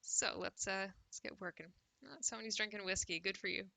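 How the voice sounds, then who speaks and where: Host, female, Canadian accent, sarcastic livestream commentator; bright, dry close-mic sound. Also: medium pitch, steady tone, fairly quick, vocal fry, dry recording, poor audio. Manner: sarcastic, laughs often, drinks cider on stream. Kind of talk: casual livestream commentary, reading news aloud.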